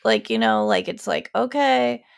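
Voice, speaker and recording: A woman co-hosting a casual podcast, her voice deeply gravelly with constant vocal fry. She rambles loosely, piling up fillers and restarting her sentences as she talks. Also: expressive, measured pace. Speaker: podcast co-host. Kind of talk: casual chat.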